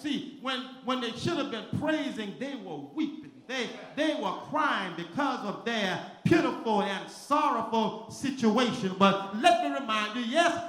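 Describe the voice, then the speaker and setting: A male preacher who stammers through repeated words and then builds to a shouted, half-sung cadence. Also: high-pitched. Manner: stammering repetitions, rising into shouted chanted cadence. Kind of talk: sermon building to whooping climax. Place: church sanctuary with congregation. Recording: echoey church room.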